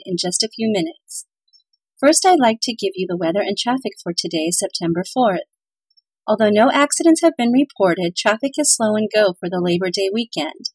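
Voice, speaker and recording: A woman's voice: mid-range voice, husky, no echo, low-quality recording. A woman narrating a children's Christmas story in a playful, cheerful announcer manner. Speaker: radio-style story reader. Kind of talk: scripted narration and reading.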